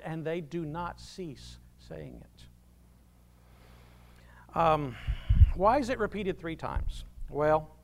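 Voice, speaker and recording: A man preaching a sermon, swinging from loud proclamations to hushed asides. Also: fairly high pitch, creaky. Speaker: pastor.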